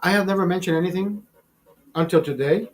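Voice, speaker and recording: A man's voice: high voice, a little fast. A man hosting a show, telling a story in a casual, profane and emphatic way, often repeating himself. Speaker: show host.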